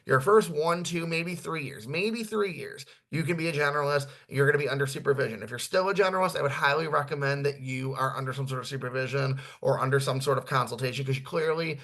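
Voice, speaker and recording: A man's voice: mid-range voice, quick pace, hardly any pauses, fairly bright tone. A man who is a therapist, giving a blunt, casual training talk on marketing, swearing now and then and tagging his points with "right?".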